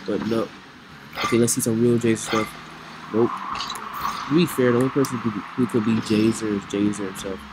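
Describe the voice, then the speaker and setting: A man giving excitable let's play commentary, reacting loudly to the plays. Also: lowish voice, a little fast, pauses often. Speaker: gamer. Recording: noisy with game sounds behind.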